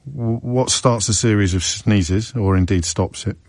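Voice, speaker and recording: A man's voice: fairly low pitch, measured pace, dry recording. A man hosting a live radio phone-in, chatty and wry, thinking aloud with frequent restarts.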